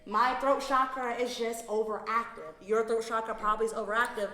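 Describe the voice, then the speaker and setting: A woman's voice: fairly high pitch, a little fast, pushed and bright, soft background music. A woman in her twenties from Atlanta, Georgia, talking earnestly as a podcast guest and explaining wellness ideas at length. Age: 20s. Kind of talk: casual podcast chat. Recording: echoey room with long reverb.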